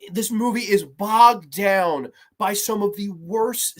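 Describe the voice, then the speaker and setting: A man in his twenties hosts a horror movie review, his voice high-pitched and slow with few pauses. He talks casually, ranting in a profane, sarcastic way.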